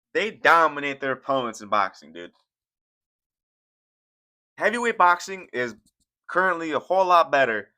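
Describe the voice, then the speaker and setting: A man's voice: mid-range voice, pushed and bright. A young man hosting casual, profane reaction commentary on fight sports, rambling and laughing as he goes. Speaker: commentary channel host.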